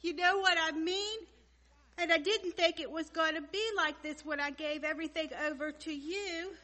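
High, tearful young woman praying. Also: steady tone, moderate pace, pushed and bright. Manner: tearful, self-pitying, repeating why questions. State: crying. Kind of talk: tearful comic monologue prayer.

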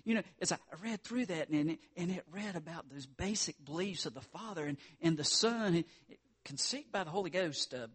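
A man's voice: a little high, animated, moderate pace, fairly bright tone, breathy edge. A man preaching a sermon as pastor, earnest, lifting his voice for emphasis.

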